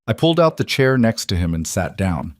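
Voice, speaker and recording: A man narrating a dramatic family story in a measured, even way. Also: on the low side, no echo, studio quality.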